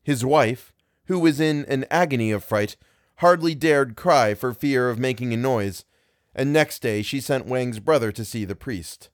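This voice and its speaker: A man reading a classic tale aloud as podcast narrator, in a measured storytelling manner. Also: medium pitch, no echo, studio quality.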